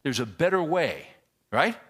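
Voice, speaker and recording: A man preaching a sermon as a pastor, telling stories with emphatic bursts and quiet asides. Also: a little high, measured pace, slightly rough. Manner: animated storyteller, swings from loud emphasis to quiet asides.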